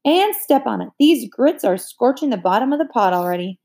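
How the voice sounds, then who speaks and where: A woman's voice: on the high side, expressive, brisk, darkish tone, voice pushed up. A woman voicing a stern, tired farm mother who scolds her children curtly. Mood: scolding. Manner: scolding, curt.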